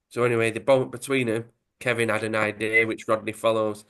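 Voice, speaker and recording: A man's voice: on the low side, fairly quick, smooth. Chatty man retelling a comic. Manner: chatty, animated storytelling. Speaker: podcast host. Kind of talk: casual story retelling.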